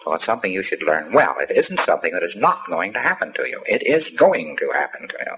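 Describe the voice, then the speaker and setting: Low-voiced man giving a rambling lecture. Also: very animated, quick pace. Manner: folksy, wry, profane asides. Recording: dull lo-fi tape with faint hiss.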